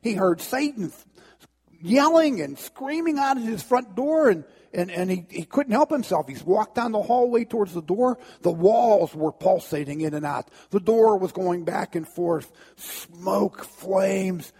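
A man telling a dramatic story as a sermon, halting and restarting as he builds tension. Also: sits high, animated, dark tone, slightly rough, in a large hall.

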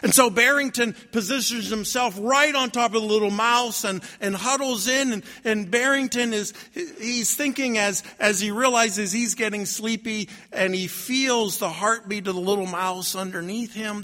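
Man telling a story aloud, high voice, bright tone, long hall echo. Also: moderate pace, hardly any pauses. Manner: repeats and restarts, gentle told-aloud pace. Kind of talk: oral storytelling.

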